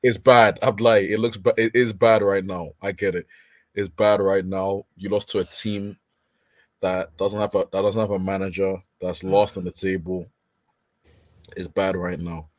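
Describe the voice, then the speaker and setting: A man's voice: deep voice, little pitch movement, normal speed, no room sound, clean studio sound. A man hosting a casual fan hangout, easygoing and laughing, with stammering restarts. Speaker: hangout host. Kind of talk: casual chat.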